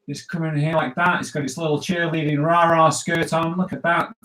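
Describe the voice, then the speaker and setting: A man's voice: on the high side, a bit bright, poor audio. A man hosting a live drawing show, joking and chatting as he draws requests from viewers. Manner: playful, jokey, chatty running commentary. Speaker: cartoonist host. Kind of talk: live drawing stream for kids.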